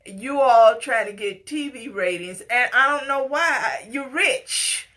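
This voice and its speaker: A woman's voice: fairly high pitch, animated, takes it slowly, a bit bright. A middle-aged woman giving an impassioned, scolding personal commentary, at times tearful and pleading. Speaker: commentator reacting to a news story.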